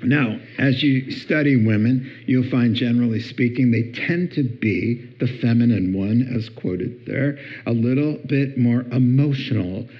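A middle-aged man giving a humorous talk on marriage, lively and acting out little scenes in different voices. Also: unhurried, few pauses. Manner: animated, acts out voices with big pitch jumps. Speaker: speaker on marriage. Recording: dull lo-fi recording.

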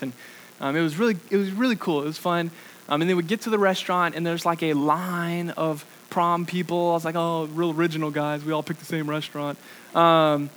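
A young man preaching with an animated story full of fillers, acting out what he said in the past. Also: a little high, rough recording. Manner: animated storytelling with many fillers, acts out his own past lines. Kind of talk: sermon illustration, personal story.

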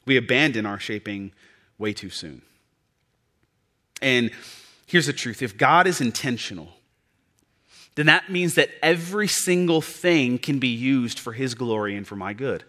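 A pastor preaching a sermon, dropping to a hush and then building to loud, passionate appeals. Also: male voice, medium pitch, unhurried, long pauses.

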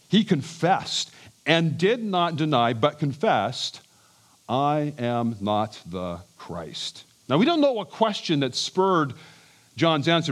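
Man, pastor, sermon, emphatic, higher voice, wide swings in pitch. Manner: animated, emphatic, with chuckles and restarts. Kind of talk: expository sermon.

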